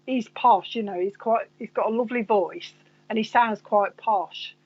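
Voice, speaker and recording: A woman's voice: medium pitch, moderate pace, muffled recording. A woman with a Coventry accent hosting a live psychic reading stream, chatting and rambling as she talks half to herself. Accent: Coventry English. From Coventry, England. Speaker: psychic medium host.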